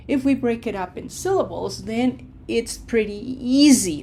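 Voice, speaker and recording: A woman's voice: medium pitch, lively intonation, vocal fry, a little mellow, a little hiss or hum. Patient woman teaching pronunciation. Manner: patient, reassuring, spells words out slowly syllable by syllable. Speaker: language teacher. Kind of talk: online pronunciation lesson.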